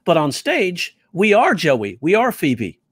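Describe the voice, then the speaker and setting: A man who teaches comedy telling stories in an interview, animated and slipping into quoted voices. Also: sits high, slow, breathy edge, no echo. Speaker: comedy teacher and stand-up comic. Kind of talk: storytelling interview talk.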